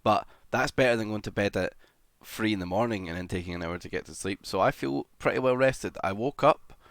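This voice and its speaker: A man's voice: on the low side, a little fast, no room sound, studio quality. A young man livestreaming in casual chat, greeting viewers one by one and swearing casually.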